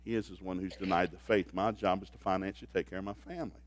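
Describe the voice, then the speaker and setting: A middle-aged man preaching a humorous sermon on marriage, folksy and joking, swinging from quiet asides to loud bursts. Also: sits low, fairly even intonation, fast talker. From grew up in a blue-collar factory family.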